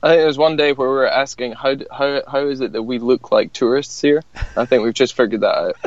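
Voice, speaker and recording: A Scottish man tells stories in a relaxed, rambling, self-deprecating way as a podcast guest. His voice is mid-pitched and the sound is a little dull. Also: fast talker, dry recording. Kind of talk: casual storytelling chat.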